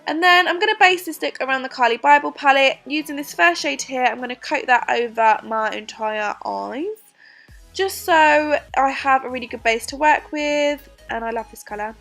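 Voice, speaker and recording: Giggly high-voiced young woman. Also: moderate pace, gravelly, a bit bright, soft background music. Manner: chatty, giggly, self-mocking. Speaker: beauty vlogger. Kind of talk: casual makeup tutorial voice-over.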